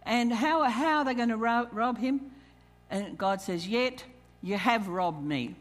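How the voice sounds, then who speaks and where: A woman preaching in a slow, unhurried way, her voice sitting a little high. She reads scripture aloud and calls out questions to the congregation. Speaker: church speaker. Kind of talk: sermon on tithing.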